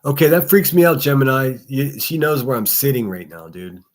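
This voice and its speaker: A livestream host from Pittsburgh, carrying a faint local accent, chats solo with his chat in a rambling, profane way. His voice is medium-pitched and sing-song at a moderate pace.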